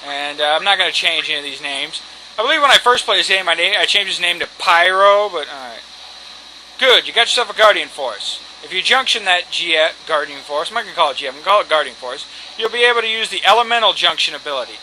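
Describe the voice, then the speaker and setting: A man's voice: on the high side, animated, fast, pushed and bright, slight background noise, rough recording. A man giving casual, cocky, joking commentary while playing a video game, swearing freely. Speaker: let's play commentator. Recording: game music behind.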